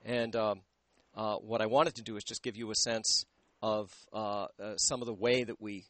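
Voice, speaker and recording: A man, a voice teacher, explaining singing technique in a radio interview into a handheld microphone, pausing often to search for words. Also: on the low side, little pitch movement, a bit bright, no room sound.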